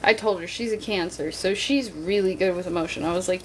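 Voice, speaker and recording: A woman's voice: fairly low pitch, brisk, a little hiss or hum. A woman streaming live, a mother chatting candidly with her viewers in a jokey, casual way and swearing now and then. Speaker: livestreamer.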